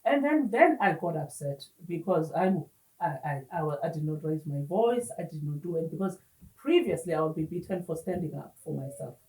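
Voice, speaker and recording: Woman, halting and earnest. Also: sits low, animated, darkish tone. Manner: earnest, halting, mixes in Xhosa words. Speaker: interview guest. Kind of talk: personal testimony in conversation. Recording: roomy echo, distant mic.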